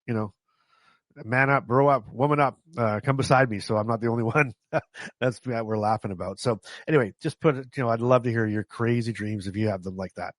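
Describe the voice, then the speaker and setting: A man's voice: mid-range voice, brisk, dry recording. A man from Canada tells stories from his own life in a chatty, self-mocking way. He breaks into laughter often and trips over his words before starting again. His voice sits in a middle register and sounds close and dry, with no room around it. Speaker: vlogger. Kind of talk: casual storytelling to camera.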